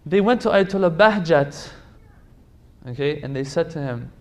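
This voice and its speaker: A man's voice: on the high side, animated, normal speed. A man giving a religious lecture to a congregation, emphatic, repeating phrases for stress and pleading directly with his listeners.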